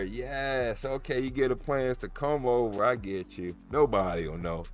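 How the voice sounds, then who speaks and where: A man's voice: lowish voice, unhurried, faint music behind. A man hosting a casual livestream, chatting in a jokey, rambling way with many restarts. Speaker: cannabis grow livestream host.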